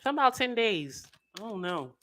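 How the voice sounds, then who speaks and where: A woman giving a casual tarot reading in an animated way, full of slang, acting out the voices she quotes. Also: mid-range voice, brisk, noisy background. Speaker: tarot reader.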